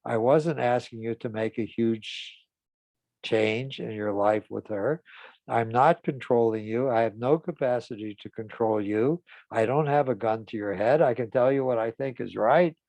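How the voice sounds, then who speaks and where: A man voicing a calm, firm woman partner who sets limits in a measured, plain-spoken way. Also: mid-range voice, gravelly, no room sound, lightly acted. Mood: resolute.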